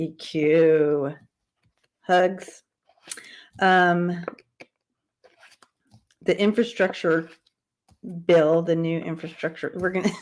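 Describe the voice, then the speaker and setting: Slow, low-voiced chatty woman livestreaming. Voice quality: dyslexia, repeats hard words. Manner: chatty, laughs often, stumbles over long words. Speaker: livestream tarot reader. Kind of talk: casual livestream chat with viewers.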